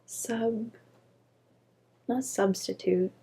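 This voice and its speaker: A woman's voice: a little high, steady tone, very slow, dark tone. A woman co-hosting a casual chat podcast, rambling and losing her words as she laughs at herself. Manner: rambling, self-conscious, loses her words. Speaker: podcast co-host.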